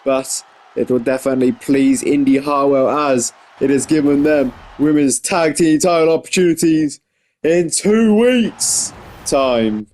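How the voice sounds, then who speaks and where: A young man commentating a wrestling video game in casual play-by-play, excitable, often saying "jeez" and correcting himself mid-sentence. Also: a little high, a little slow, rough recording.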